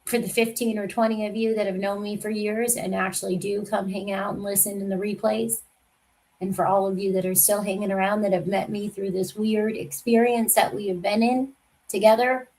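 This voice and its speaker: A woman hosting a casual livestream chat who talks in a soft, rambling way and often trails off. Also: medium pitch, little pitch movement, normal speed, low-quality recording. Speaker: livestream host.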